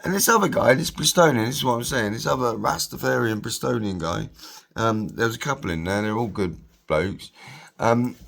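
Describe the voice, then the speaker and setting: A man's voice: mid-range voice, a little fast, creaky, a bit bright. A man telling a rambling personal story, swearing freely and repeating himself. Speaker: vlogger.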